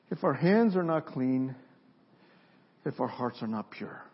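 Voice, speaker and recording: A man preaching a sermon as pastor, pausing for effect and building to forceful emphasis. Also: mid-range voice, lively intonation, slightly rough. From Mexico. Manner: preaching with dramatic pauses and rising emphasis. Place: church sanctuary. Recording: dull lo-fi sermon recording.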